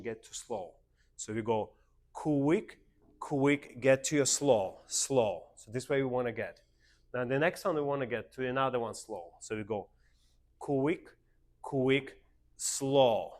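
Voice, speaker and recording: A man with a Russian accent leads a beginner dance class. He counts the steps aloud and coaches his students. His voice sits at an ordinary middle pitch. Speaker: dance teacher. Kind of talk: dance lesson instruction.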